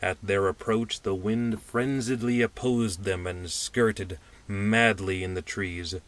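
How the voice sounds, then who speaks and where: Low-voiced male audiobook narrator. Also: steady tone, slow, a bit bright, far from the mic. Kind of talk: scripted narration.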